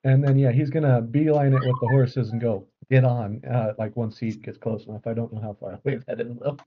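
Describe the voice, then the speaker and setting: A woman's voice: extremely low pitch, steady tone, a little fast, background noise. A woman playing in an online tabletop game, describing her moves hesitantly with many fillers. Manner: hesitant, full of uh and like. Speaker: player. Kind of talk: casual tabletop game play. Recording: lo-fi online call audio.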